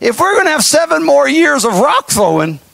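A man's voice: very high-pitched, very animated, moderate pace, vocal fry, fairly bright tone, no room sound. A male pastor preaching a sermon, impassioned and folksy, with mocking asides.

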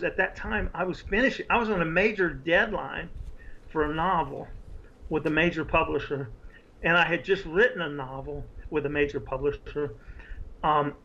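A man, an author guest, telling his story in an earnest, animated conversational way. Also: a little high, muffled recording.

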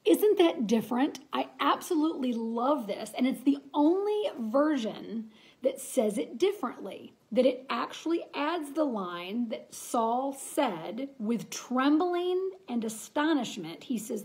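Brief: woman, fairly high voice, earnest chatty devotional teacher. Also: big pitch swings, a little slow, a little mellow. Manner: earnest, chatty, with frequent restarts and reading aloud. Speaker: Bible study teacher.

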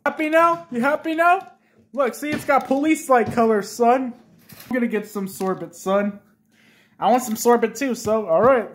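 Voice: mid-range voice, moderate pace, a little hiss or hum. A performer playing an exasperated father who keeps scolding his son in a rambling way.

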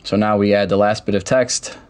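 Casual young man explaining software steps. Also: on the low side, steady tone, fairly quick, clean tone. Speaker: tutorial host. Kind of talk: screen-recorded software tutorial.

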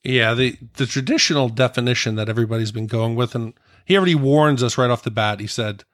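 A man co-hosting a podcast, chatting in a relaxed, rambling way. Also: medium pitch, fast talker, no room sound, studio quality. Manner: relaxed, rambling talk with fillers. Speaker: podcast co-host. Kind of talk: casual podcast discussion.

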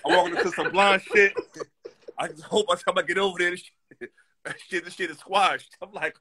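A man's voice: high voice, fairly quick, bright, forceful tone, husky. A man as a guest in a casual chat, reminiscing in a laid-back, slangy way.

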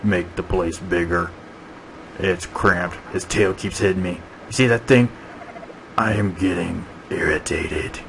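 A man voicing a huge tusked male beast, a grumpy, menacing bully who mutters low threats. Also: fairly even intonation, unhurried, creaky, fairly bright tone, slight background noise, full character voice, rough recording. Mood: grumbling menace.

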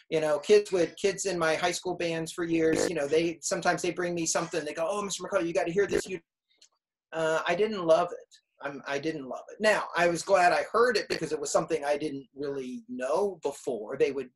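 His voice sits high as this middle-aged music teacher hands out informal advice to students, animated and story-driven, often playing the kids' lines himself. The recording is poor.

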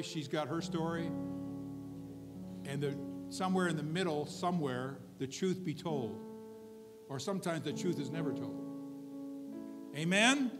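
A man preaching a sermon as pastor, telling a story in a conversational way with frequent asides to his congregation. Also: a little high. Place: church service.

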